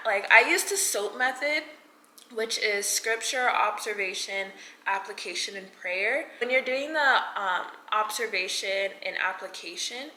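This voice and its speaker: A woman's voice: mid-range voice, unhurried, bright, forceful tone. A woman in her twenties gives an earnest, chatty motivational talk to camera, full of "like" fillers. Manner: earnest and chatty, many "like" fillers, laughs between points. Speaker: vlogger. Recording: echoey room with faint noise.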